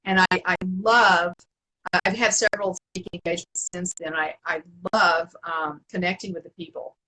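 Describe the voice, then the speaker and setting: A middle-aged woman telling stories as an interview guest, animated and laughing often, with many restarts. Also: lowish voice, normal speed, a little hiss or hum, low-quality recording. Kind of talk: casual storytelling in an interview.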